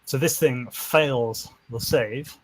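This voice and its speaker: A man's voice: mid-range voice, slow, no room sound. A man running a tabletop game as game master, chatty, laughing often and thinking aloud.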